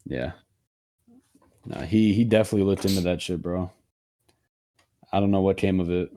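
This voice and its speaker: A young man co-hosting a podcast, telling a story in a slangy, profane, animated way. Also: low voice, moderate pace. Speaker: podcast co-host. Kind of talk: casual storytelling chat.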